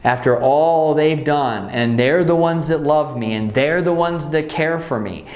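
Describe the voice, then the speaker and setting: A man's voice: a little high, measured pace, darkish tone. A man earnestly telling an emotional story from his own childhood, often restarting his sentences. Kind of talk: personal storytelling. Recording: echoey room.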